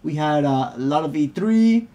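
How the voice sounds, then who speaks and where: A man's voice: fairly high pitch, lively intonation, normal speed, mellow, highs cut off. Joking male podcast co-host. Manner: loose and joking, with fillers and laughs. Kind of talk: casual podcast chat.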